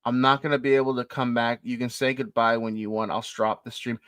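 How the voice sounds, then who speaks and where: A man's voice: mid-range voice, flat delivery, brisk, a bit bright, no room sound. A man co-hosting a live stream, talking casually and rambling to his viewers. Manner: rambling, chatty, laughs often.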